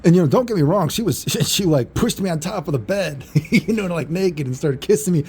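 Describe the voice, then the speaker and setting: A man's voice: fairly high pitch, lively intonation, fairly quick, few pauses, a little mellow, slight background noise. A man telling a story in a casual, rambling monologue, laid-back and full of fillers and self-corrections. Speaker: vlogger.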